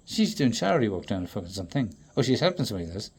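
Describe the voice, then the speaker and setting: A man with a low, husky voice rambles through a stream-of-consciousness monologue, swearing freely. He jumps from loud bursts to quiet mutters, talking straight to whoever is watching. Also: sing-song, rapid-fire.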